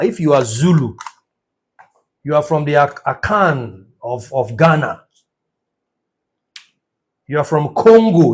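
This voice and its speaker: A man's voice: medium pitch, breathy edge. A middle-aged man teaching business numerology in an impassioned lecture, stressing words by drawing them out and asking rhetorical questions.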